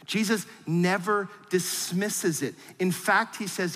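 A man preaching a sermon as the pastor, acting out angry voices for effect and then dropping low and quiet for his serious points. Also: a little slow, few pauses, in a large hall.

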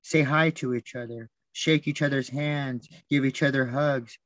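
Flat, dry-voiced man telling stories. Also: medium pitch, a little slow, dry recording. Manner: soft-spoken, repeats words and restarts often. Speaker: podcast guest. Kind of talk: reflective storytelling.

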